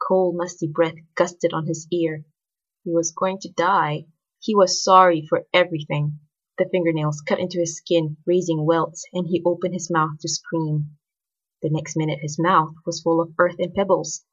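A woman narrating a story in an expressive, scripted reading. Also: fairly low pitch, normal speed, husky. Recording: dull lo-fi recording.

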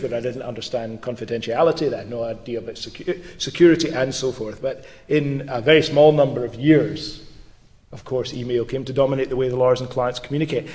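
A man's voice: mid-range voice, darkish tone. Middle-aged male professor, dry wit, mid-range voice, lecture hall echo. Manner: wry, dry humour, occasional restarts. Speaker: law professor giving a public lecture. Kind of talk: public lecture. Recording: long reverb of a lecture hall.

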